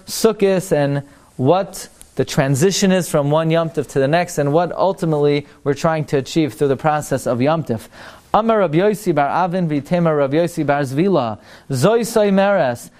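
Animated man teaching a religious class. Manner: animated, rhetorical questions, rises in pitch when excited. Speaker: Torah teacher. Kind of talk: lively religious lecture.

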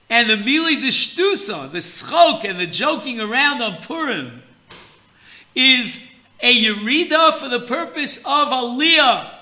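A man gives a Torah lesson at an unhurried, measured pace. His voice sits fairly high and has a very bright, sharp edge. He draws out his explanations deliberately, like a teacher guiding students. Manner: slow, deliberate teaching, mixing Hebrew terms.

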